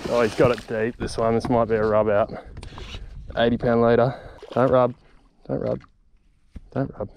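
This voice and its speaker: A young man, a fishing vlogger, talking excitedly to camera and to the fish outdoors on the water, swearing as he goes. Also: medium pitch, normal speed, gravelly, long pauses, noisy background. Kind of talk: excited solo fishing commentary.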